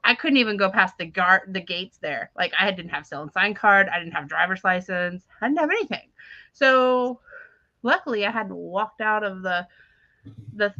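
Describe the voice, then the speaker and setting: A woman in her thirties co-hosts a casual podcast chat, her medium-pitched voice bright and forceful with no room sound, in a slightly dull dry recording. She tells rambling stories, laughs often, and acts out what others said.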